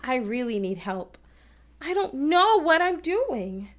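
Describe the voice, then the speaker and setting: A woman's voice: mid-range voice, moderate pace, natural voice. A woman voicing her younger self as a little girl, half-singing a plea to her mom for homework help. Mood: pleading, sing-song. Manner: sing-song, half-sung pleading. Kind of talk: sung recitative demonstration.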